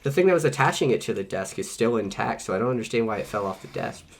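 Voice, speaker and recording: A man's voice: fairly low pitch, lively intonation, fast talker. A man co-hosting a casual read-along podcast, joking and swearing freely while sick with covid. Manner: swears freely, jokey and self-mocking. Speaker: podcast co-host.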